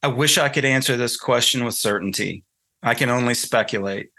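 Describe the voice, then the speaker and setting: Bright-voiced Southern man from North Carolina. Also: mid-range voice, brisk. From North Carolina, USA. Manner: thoughtful, explanatory, storytelling. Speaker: guest author. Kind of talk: conversational interview.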